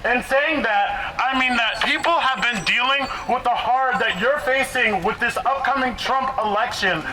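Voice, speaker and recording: A man's voice: very high voice, normal speed, rough recording. An out-of-breath man giving an earnest, impassioned protest speech at an outdoor rally. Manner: earnest, repetitive, shouts to the crowd. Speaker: rally speaker. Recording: outdoor rally with heavy background noise.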